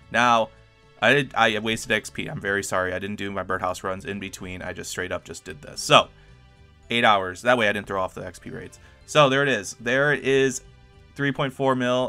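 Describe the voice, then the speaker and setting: A man's voice: mid-range voice, pushed and bright. A man talking through his game results as a YouTuber in casual, chatty commentary, upbeat and enthusiastic. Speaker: gaming YouTuber.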